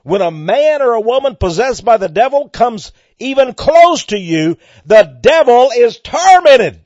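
A man with a Texan accent preaching a fervent sermon, swelling loud on key words and repeating himself. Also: very high-pitched, sing-song, a little slow, no echo. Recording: dry, muffled lo-fi recording.

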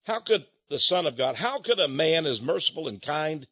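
An older man talks on his radio show, his voice rising and falling widely as he rambles folksily. His tone is a little husky, and the old recording sounds dull and lo-fi. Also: on the high side, sing-song, moderate pace, a bit bright. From Texas. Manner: folksy, rambling, building to angry emphasis. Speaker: radio host. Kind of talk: radio talk monologue.

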